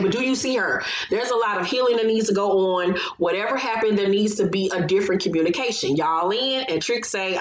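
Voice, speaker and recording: A woman's voice: mid-range voice, highs cut off. Chatty woman recapping reality TV, echoey room. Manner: chatty and opinionated, retells scenes with asides. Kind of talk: casual episode recap commentary.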